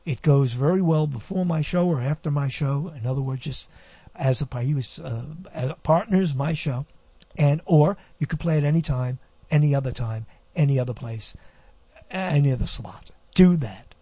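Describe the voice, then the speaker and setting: A male radio host with a high, husky voice talks into a handheld mic. He rambles, breaks off and corrects himself mid-sentence as he reads items aloud. The sound is dry and close. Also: normal speed, warm tone, no echo. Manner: rambling, self-correcting, chatty asides. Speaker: radio talk show host. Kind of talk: casual radio talk, reading news items aloud. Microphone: handheld microphone.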